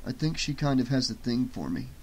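A male audiobook reader voicing a laid-back young man with a low, offhand delivery. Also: measured pace, close to an everyday voice. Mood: evasive.

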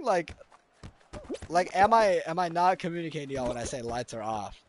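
Excitable young streamer guy, lively pitch. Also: fairly quick, slight background noise. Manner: excitable slangy banter, yelling at gameplay. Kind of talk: live gaming stream chat.

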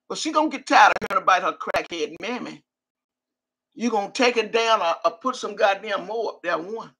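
A woman's voice: mid-range voice, lively intonation, a little fast, a bit bright, slightly rough. An older woman on a live stream, cursing and trash-talking while she reads out viewer names. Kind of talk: profane live-stream rant.

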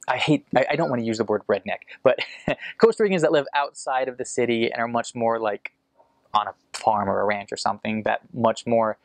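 An American man explaining casually, rambling with fillers and restarts, and slowing down to demonstrate sounds. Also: mid-range voice, dry recording. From United States. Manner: demonstrates sounds slowly and carefully. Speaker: returned missionary explaining an accent.

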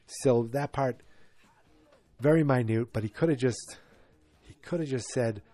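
A man's voice: mid-range voice, measured pace, dark tone, no room sound. A man hosting a podcast in a rambling, casual chat, full of fillers and restarts. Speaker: podcast host.

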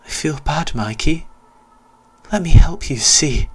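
A man's voice: fairly high pitch, lively intonation, takes it slowly, breathy edge, voice pushed up, heavily acted. A man voicing a giggling ghost boy. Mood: sing-song menace. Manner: soft eerie whisper, sing-song taunting. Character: sinister ageless ghost boy, giggling, cruel. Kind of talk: horror story narration.

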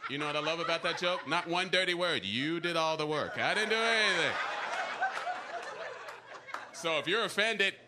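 A man's voice: on the high side, normal speed, pauses often. A man performing stand-up comedy on a club stage, talking casually and teasing the crowd with rhetorical questions. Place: comedy club stage before a live audience. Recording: noisy live club recording. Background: audience laughter.

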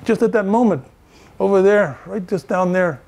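An older male professor gives a lecture in a fairly high voice. He tells animated stories and acts out the dialogue in them. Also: moderate pace, vocal fry. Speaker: professor giving a talk. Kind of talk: storytelling lecture.

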